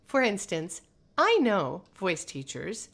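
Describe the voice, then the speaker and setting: A North American woman voice teacher giving a chatty live-streamed lesson, reading viewer comments and talking in an animated, sing-song way. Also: medium pitch, slow.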